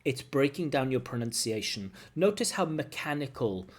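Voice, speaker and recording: A man's voice: medium pitch, sing-song, normal speed. A man, an IELTS examiner, giving frank spoken feedback on a candidate's answers and humming syllables to show intonation. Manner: frank, corrective, demonstrates intonation with hummed syllables. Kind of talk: recorded feedback lesson.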